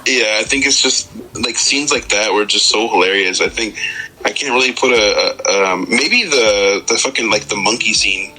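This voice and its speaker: A man's voice: on the low side, normal speed, sharp tone, rough recording. A young man co-hosting a podcast, talking hesitantly with many fillers as he recalls film scenes. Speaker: podcast co-host. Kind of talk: casual chat.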